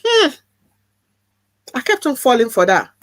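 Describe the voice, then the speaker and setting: A woman's voice: on the low side, lively intonation, unhurried, no echo. Earnest woman speaking over a dry video call. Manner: earnest, emphatic, repeats phrases for weight. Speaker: guest. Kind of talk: candid video-call conversation.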